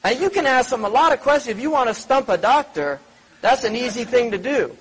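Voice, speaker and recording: A man's voice: very high-pitched, lively intonation, fairly quick, husky, low-quality recording. A man giving a religious lecture in a conversational, digressive way, full of rhetorical questions and asides. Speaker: Islamic scholar lecturing.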